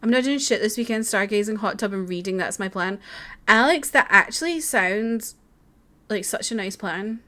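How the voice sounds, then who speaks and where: A woman streaming a video game, giving casual live commentary, chatty and quick to swear and shout when frustrated. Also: mid-range voice.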